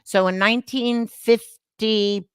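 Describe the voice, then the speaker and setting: A woman in her seventies from New York State, co-hosting a talk show and chatting in an animated way that takes the floor. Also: a little high, slow, clear, resonant tone, dry recording, clean studio sound. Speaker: co-host. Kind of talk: casual chat.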